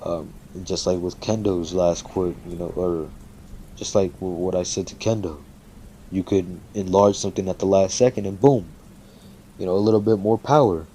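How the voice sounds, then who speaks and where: A man's voice: low voice, steady tone, normal speed, warm tone, a little hiss or hum. A man casually making up and telling a fan story, rambling with lots of fillers and swearing freely.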